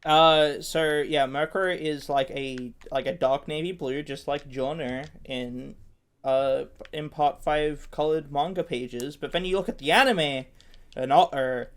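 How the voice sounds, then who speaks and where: A man's voice: on the high side, steady tone, unhurried, clear, resonant tone. A man co-hosting a gaming podcast, rambling and swearing in casual chat. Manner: rambling, swears, restarts often. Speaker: podcast co-host.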